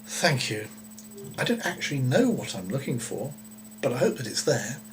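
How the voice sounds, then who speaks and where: A man voicing an eager, good-natured young girl in a storybook reading, pitching his voice up. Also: very animated, normal speed, slight background noise, natural voice, poor audio. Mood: polite. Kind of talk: storybook character voice.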